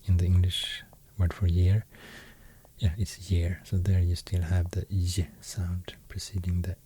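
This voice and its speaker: A man with a Swedish accent giving a soft-spoken ASMR talk, half-whispering and pausing often with fillers. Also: low-pitched, monotone, a little hiss or hum. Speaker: ASMR host explaining runes.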